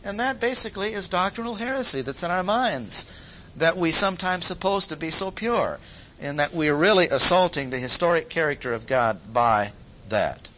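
A man preaching a sermon, emphatic, repeating key phrases slowly with sudden jumps in pitch. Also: animated, bright, forceful tone, rough recording.

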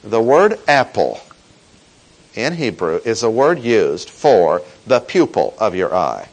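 A man preaching an expository sermon, teaching in a measured, emphatic way and slowing down to stress key words. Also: fairly low pitch, very animated, poor audio.

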